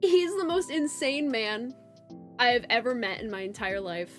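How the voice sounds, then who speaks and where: A young woman with a fairly high voice tells a story casually to her stream chat. She laughs often and jumps from loud, excited bursts to mumbled asides. Faint music plays underneath. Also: moderate pace. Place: home streaming setup. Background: faint background music.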